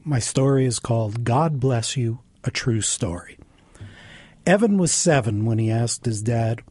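Writer reading his story, dark husky voice, dead dry sound, deadpan. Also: medium pitch, moderate pace, dry recording.

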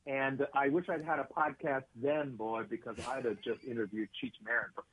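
A man's voice: mid-range voice, fairly even intonation, normal speed, a bit bright, slightly rough, no room sound. A man, an actor and writer, telling rambling anecdotes in a casual interview, full of fillers and restarts. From United States. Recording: tinny phone-like line.

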